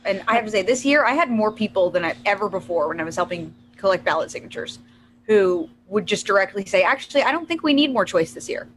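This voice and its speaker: A woman's voice: medium pitch, expressive, quick pace, fairly bright tone, slight background noise. A woman co-hosting a casual podcast chat, explaining things and often laughing. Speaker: podcast co-host.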